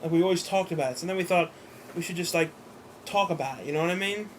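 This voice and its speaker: A man's voice: high voice, fast talker, a little hiss or hum. A young man co-hosting a casual question-and-answer chat, rambling with lots of fillers and casual swearing. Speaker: co-host answering viewer questions.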